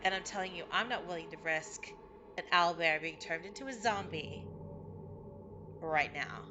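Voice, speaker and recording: A woman's voice: lowish voice, normal speed, noisy background, lightly acted. A woman voicing a blunt, scarred woman of action. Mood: stern. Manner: blunt and wary, warns sternly. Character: tough scarred woman with professional experience.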